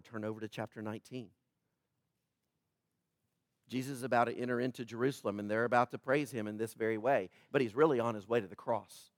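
A man preaching a sermon as pastor, swinging from loud emphatic peaks to quiet, slow scripture reading. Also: medium pitch, dry recording, clean studio sound.

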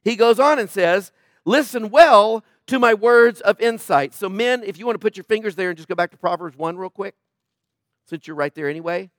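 Here a male preacher challenges the congregation with pointed questions, alternating loud emphasis with quiet, low passages. He keeps a steady tone and a fast pace, captured in a dry, studio-quality recording.

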